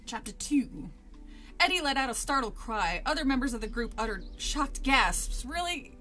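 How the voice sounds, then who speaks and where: A woman's voice: fairly high pitch, expressive, moderate pace, bright, forceful tone, soft background music. Giggly woman streamer reading aloud. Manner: giggly, chatty, self-interrupting. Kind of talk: casual read-along with chat.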